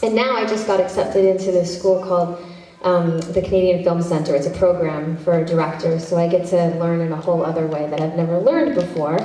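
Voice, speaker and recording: Chatty actress in an echoey hall. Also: female voice, lowish voice, fairly even intonation, a little fast, hardly any pauses, mellow. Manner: chatty, self-interrupting, laughs easily. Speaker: panel guest, actress and director. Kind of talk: casual convention Q&A answers. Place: convention hall panel. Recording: echoey hall from far off, faint noise.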